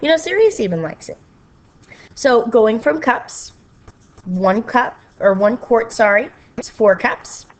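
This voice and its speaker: A woman teacher talks her students through a recorded math lesson at an unhurried pace. She checks in with an okay at each step and explains patiently. Now and then she slips into a playful sing-song. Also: medium pitch. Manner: slow, patient explaining with frequent okays.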